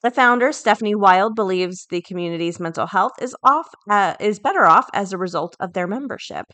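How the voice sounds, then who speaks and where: A woman hosts a podcast in a mid-range, slightly bright voice, animated and a little fast, on a dry recording. She reads news items and then thinks aloud in casual, chatty commentary, with many fillers and restarts.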